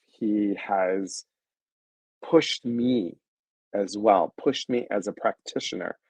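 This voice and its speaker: A man hosting a wellness livestream in casual chat, speaking warmly to his viewers and acting out past conversations. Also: lowish voice, no room sound, rough recording. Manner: effusive and heartfelt, retelling conversations with quoted voices; talks straight to viewers, greeting them by name.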